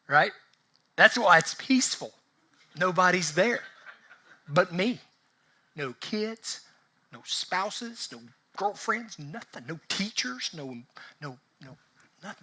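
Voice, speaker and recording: Bright, high-voiced preaching man. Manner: animated, rhetorical questions to the congregation. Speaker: pastor. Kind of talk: conversational sermon.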